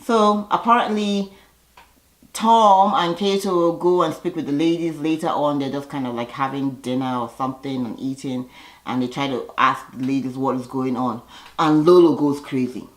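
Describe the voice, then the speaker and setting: A YouTuber recaps a reality show in a casual, sassy video, acting out quotes in put-on voices. Her voice is deep and her pace moderate, recorded in an echoey room.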